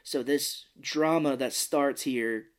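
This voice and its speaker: A man retells a film scene by scene in relaxed podcast chat, at a middling pitch. He slips into quick voices for the characters and swears and laughs along the way. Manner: swears casually and laughs often. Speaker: podcast co-host. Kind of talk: casual movie recap chat.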